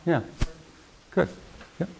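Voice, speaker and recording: A man's voice: takes it slowly, noisy background. Man lecturing with rambling check-ins. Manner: rambling, frequent restarts and "okay?" check-ins. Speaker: creative writing professor. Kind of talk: classroom seminar lecture. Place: university classroom.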